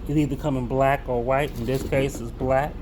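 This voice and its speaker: A man's voice: medium pitch, normal speed, noisy background. Easygoing man showing his sneakers. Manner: relaxed, repeats words and restarts, casual slang. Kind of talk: casual unboxing vlog.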